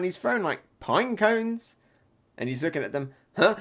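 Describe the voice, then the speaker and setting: A man giving a live reaction review of a comic chapter. He reads panels aloud, laughs often and gets excited at big moments. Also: a little high, unhurried.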